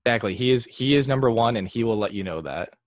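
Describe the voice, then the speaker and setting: A man's voice: mid-range voice, expressive, fast talker. A man co-hosting a casual interview over a video call, upbeat and laughing often. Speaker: podcast co-host.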